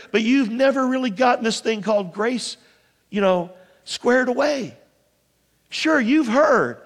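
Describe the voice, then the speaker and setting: A male pastor preaching a sermon with passion, swinging between raised, urgent calls and hushed, earnest pleas. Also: extremely high pitch. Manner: impassioned, shifting between shouts and hushed pleas. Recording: reverberant hall recording.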